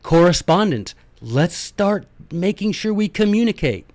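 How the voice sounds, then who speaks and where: A man hosting a podcast, giving a casual, animated lecture on history and politics and slipping into little skits. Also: high-pitched, unhurried, no room sound. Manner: animated, folksy, acts out little skits in voices. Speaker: podcast host.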